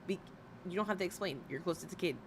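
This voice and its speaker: A woman hosting a casual reaction stream. She swears, laughs and her voice jumps high when excited. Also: fast, slight background noise.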